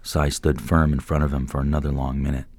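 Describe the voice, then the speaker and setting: A man narrating a story in a steady, measured reading voice. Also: rumbling low, breathy edge, dry recording. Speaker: audiobook narrator. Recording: dry close-mic recording.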